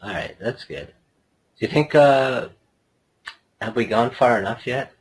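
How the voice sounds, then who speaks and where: A man co-hosting a casual late-night podcast with dry, deadpan remarks. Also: medium pitch, a little slow, husky, low-quality recording. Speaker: podcast co-host.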